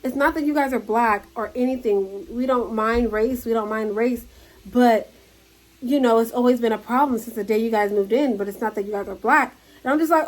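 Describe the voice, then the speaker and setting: Woman, casual storytime vlog, animated, acts out quotes, slightly high voice, phone mic. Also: moderate pace, low-quality recording. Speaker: vlogger.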